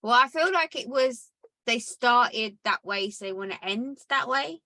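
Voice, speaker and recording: A woman's voice: fairly high pitch, animated, a little slow, pushed and bright, no room sound. A woman co-hosting a podcast, chatting casually and bluntly, swearing freely as she recaps a reality show. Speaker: podcast co-host. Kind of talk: casual chat.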